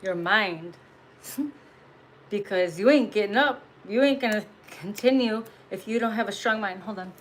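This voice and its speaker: A woman at a mid pitch talks straight to her viewers as a tarot reader. Her delivery is blunt and peppered with swearing, broken up by frequent laughs and punchy emphasis. Faint ambient noise sits underneath. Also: moderate pace, poor audio. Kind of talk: casual spiritual message monologue.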